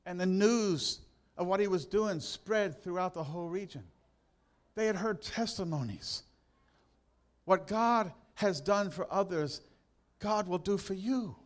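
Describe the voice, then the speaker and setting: A male pastor with a high-pitched voice preaches a sermon in church. He retells Bible passages with emphatic, drawn-out stresses and adds touches of humor.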